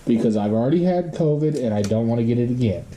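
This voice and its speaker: A man telling a story in a casual monologue, blunt and profane, swearing constantly and pausing often as he goes. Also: medium pitch, expressive, mellow, slight background noise.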